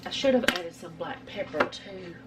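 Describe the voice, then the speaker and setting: A woman's voice: lowish voice, normal speed, very noisy. A middle-aged woman, chatting casually through a home cooking vlog in her kitchen, rambling with lots of fillers.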